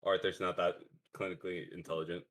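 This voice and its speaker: Man, very deep voice, tabletop player, earnest, joking. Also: little pitch movement, fast, fairly bright tone. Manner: earnest in-character speech mixed with crude jokes. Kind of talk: casual tabletop game chat.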